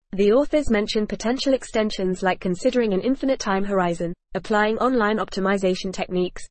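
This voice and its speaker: A woman's voice: medium pitch, a little mellow, dry recording. A woman co-hosting a scripted podcast discussion, with a polished, upbeat synthetic delivery. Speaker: podcast co-host.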